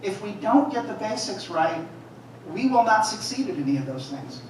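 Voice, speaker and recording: A male candidate speaks forcefully and builds his answer toward firm, pointed declarations. He sounds distant from the microphone, and the room echoes heavily. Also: sits high, big pitch swings, moderate pace, a little hiss or hum. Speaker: political candidate. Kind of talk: forum answer. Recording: echoey hall, voice from far off.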